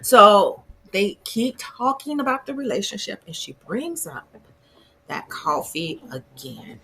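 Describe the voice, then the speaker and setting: Hosting her own TV review channel, a woman recaps an episode in a chatty, opinionated way, laughing at the drama. Her medium-pitched voice is husky and bright, with vocal fry and a forceful edge. She's very animated yet takes her time.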